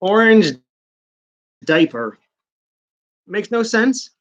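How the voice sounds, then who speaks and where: A man's voice: sits high, very animated, extremely slow, fairly bright tone. A man giving a casual, sarcastic comic book review, rambling with mocking asides.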